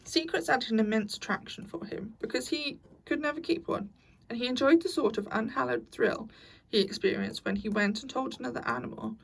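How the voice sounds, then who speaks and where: A woman reads a storybook aloud with lively expression, her voice slightly high with a gravelly fry. She sounds a little distant from the microphone. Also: brisk. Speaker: narrator.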